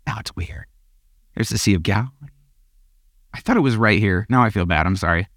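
A man's voice: fairly low pitch, a little fast, fairly bright tone, dry recording, studio quality. A young man giving a casual sermon as a pastor, chatty and self-deprecating, laughing often and wandering off on tangents.

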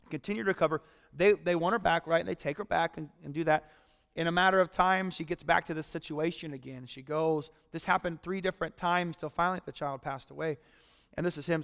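A pastor preaching a sermon in a conversational way, retelling a story and acting out the voices of the people in it. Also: male voice, high-pitched, fairly bright tone, in a large hall.

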